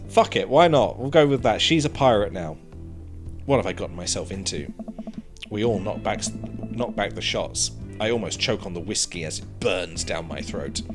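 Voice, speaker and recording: A man's voice: on the low side, lively intonation, measured pace, long pauses, over music. A man reading a dating game aloud and joking through it, laughing often and swearing freely. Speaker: gaming YouTuber. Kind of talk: game playthrough commentary with read-aloud dialogue.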